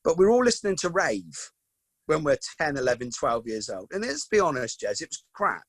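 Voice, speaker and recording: A man's voice: fairly high pitch, a little fast, no echo. Chatty man in his forties. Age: 40s. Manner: lively anecdotal, peppers talk with "mate" and "do you know what I mean". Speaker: podcast guest, football coach. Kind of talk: casual storytelling chat.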